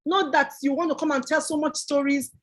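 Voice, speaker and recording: A woman delivers a motivational talk in a notably high voice. She is emphatic and repeats her phrases for effect, much like a preacher. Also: steady tone, brisk. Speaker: guest entrepreneur.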